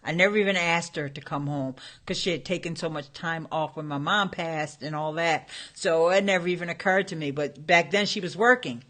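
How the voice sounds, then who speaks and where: Speaking at normal speed with hardly any pauses, this middle-aged YouTube host has a low-sitting, fairly bright voice. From home she streams casually, a chatty storyteller talking straight to her viewers.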